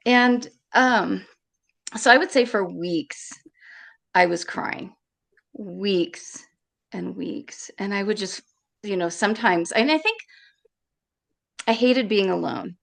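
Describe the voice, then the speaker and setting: A woman with a very gravelly, fry-heavy voice speaks at a middle pitch. She is a guest on an interview show, recounting a personal loss. She talks with emotion and halts often, repeating her words as she goes. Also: animated, slow, pauses often, fairly bright tone.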